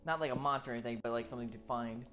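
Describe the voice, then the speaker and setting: A let's play gamer narrates live gameplay at a racing clip, swearing constantly and swinging between startled yelps and muttered asides. His middling-pitched voice has a sharp edge. Clear background music runs beneath the talk the whole way through.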